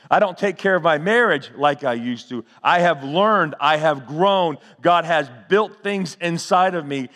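Preacher guy, kinda high voice, church echo trailing off, asks the crowd stuff back and forth. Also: a bit bright. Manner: preacher's call-and-response, rising and falling delivery. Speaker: pastor. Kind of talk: sermon.

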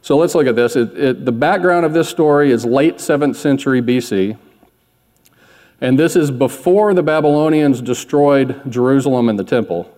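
Male pastor, mid-pitch, relaxed conversational sermon, long hall reverb. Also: moderate pace. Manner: candid, self-deprecating, conversational preaching.

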